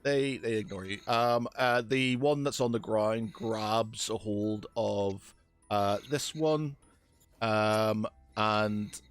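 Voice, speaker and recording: A man's voice: on the low side, fairly even intonation, slow, clear, resonant tone, soft background music. A man narrating a tabletop game as game master, hesitant with many fillers and restarts.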